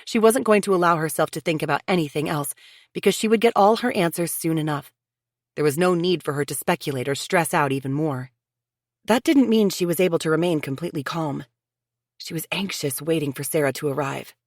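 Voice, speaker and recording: A woman narrating a mystery audiobook in a measured, even storytelling manner. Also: sits low, dry recording, clean studio sound. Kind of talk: scripted narration.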